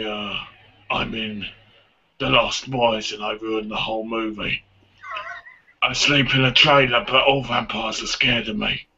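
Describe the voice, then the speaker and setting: A man's voice: medium pitch, pushed and bright, husky, pitched below the performer's own voice, heavily acted. A man doing a mumbled, sulky impression of a male film actor in a lo-fi online call.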